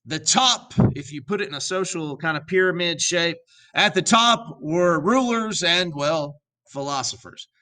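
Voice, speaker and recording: A teacher records a lesson for his students in a lively, joking way. His voice is bright and fairly high for a man. He talks straight to the class and drifts into a strange put-on accent. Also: unhurried. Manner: animated and jokey, with asides to students; drops into an odd accent for a while. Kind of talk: recorded video lecture.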